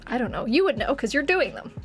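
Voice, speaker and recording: A high-pitched woman in her late twenties streams games, chatting casually, rambling with her viewers and laughing often. Her throat sounds slightly congested and phlegmy.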